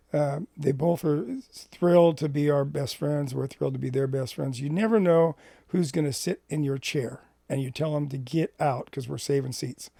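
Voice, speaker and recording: A middle-aged man from Washington State telling a personal ministry story in an animated way, acting out the dialogue. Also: a little high, creaky, dry recording, clean studio sound. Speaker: Christian ministry speaker.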